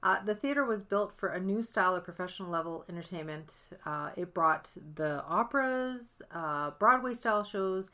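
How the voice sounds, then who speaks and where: A woman's voice: mid-range voice, expressive, moderate pace, few pauses, pushed and bright. A woman co-hosting a podcast, chatting casually, swearing lightly and joking along. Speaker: podcast co-host. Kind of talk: casual chat.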